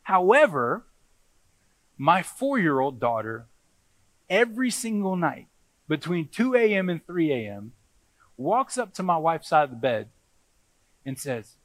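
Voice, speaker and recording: Casual preacher guy in his 30s, kinda high voice, dry close mic, chatty sermon vibe. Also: big pitch swings, measured pace, long pauses, dry recording. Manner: conversational storytelling preaching. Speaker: pastor.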